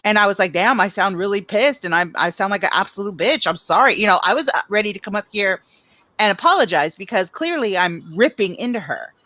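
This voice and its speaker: Middle-aged woman, co-host, blunt, frank, bright tense voice, casual live stream chat. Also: medium pitch, lively intonation, a little fast, no echo.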